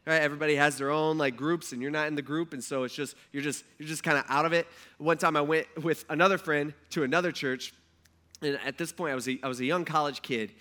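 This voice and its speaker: A man preaching a sermon, telling stories from his own life in a conversational, animated way. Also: a little high. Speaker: pastor.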